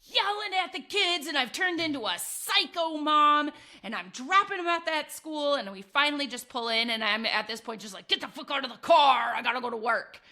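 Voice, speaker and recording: A woman's voice: sits high, normal speed, bright, forceful tone. A woman in her thirties, a podcast co-host, telling a story in casual chat, laughing often and acting out her own past voice.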